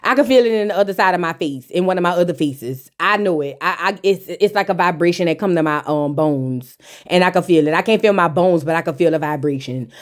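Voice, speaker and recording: A woman voicing a messy, self-assured reality show woman who senses she is being set up, dropping into a slow, knowing drawl. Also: fairly low pitch, pitched below the performer's own voice, close to an everyday voice.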